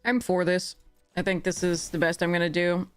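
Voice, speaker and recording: A woman giving casual commentary while playing a card game, chatty, often correcting herself and slipping in quick apologies. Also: on the low side, flat delivery, no echo, faint music behind. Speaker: game streamer.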